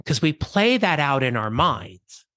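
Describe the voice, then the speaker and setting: Man, podcast host, bright and clear tone, dry close-mic sound, reflective storytelling, casual restarts. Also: on the high side, big pitch swings, unhurried, no echo. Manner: conversational, reflective, with small restarts. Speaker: podcast host and career coach. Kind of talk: personal storytelling monologue.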